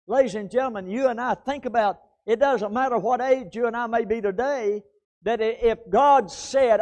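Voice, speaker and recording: A man with a high, light voice delivers a sermon in church. He swings between loud, pressing emphasis and quiet, hushed drops, repeating words as he goes and turning often to his congregation. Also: normal speed. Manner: repeats words and phrases, addresses "ladies and gentlemen". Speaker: preacher.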